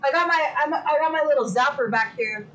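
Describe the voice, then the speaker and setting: A woman hosts a casual livestream from home, chatting excitably and loosely with viewers and swearing freely. Her high voice is bright and forward, she talks fairly quickly, and the recording quality is low.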